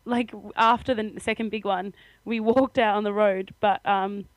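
A woman's voice: medium pitch, fairly even intonation, normal speed, no room sound, rough recording. A young Australian woman co-hosting a podcast, telling a story in casual chat with frequent laughter. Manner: chatty storytelling, laughs often. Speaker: podcast co-host.

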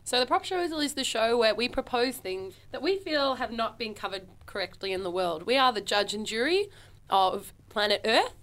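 A woman co-hosting a casual comedy chat show, playful and quick to laugh, often acting out little voices. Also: on the high side, animated, fairly bright tone. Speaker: co-host.

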